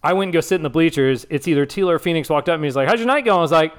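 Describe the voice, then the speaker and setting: A young man tells a loose high-school story at a fast clip, voicing everyone in it as he goes. His voice sits a little high, and the talk is casual podcast banter. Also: smooth. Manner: rambling, animated storyteller acting out quotes. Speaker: podcast co-host.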